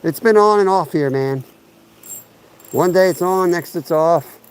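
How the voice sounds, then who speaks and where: A man's voice: sits high, unhurried, clean tone, rough recording. A man hosting a fishing livestream outdoors, rambling casually and chatting with his viewers through a chest-mounted mic. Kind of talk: casual live-stream chat while fishing outdoors. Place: outdoors by a lake and creek. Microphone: chest-mounted camera mic.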